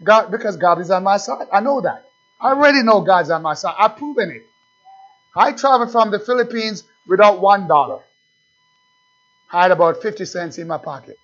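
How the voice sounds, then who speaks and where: High-voiced preacher, emphatic sermon. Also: male voice, animated, a bit bright. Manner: emphatic, slows down to stress scripture. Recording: dull lo-fi recording.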